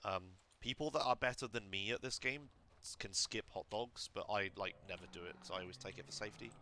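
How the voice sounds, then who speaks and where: A man casually coaching someone through a game run, relaxed and instructive, with lots of fillers. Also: lowish voice, a little fast, a little hiss or hum. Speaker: streamer coaching a speedrun.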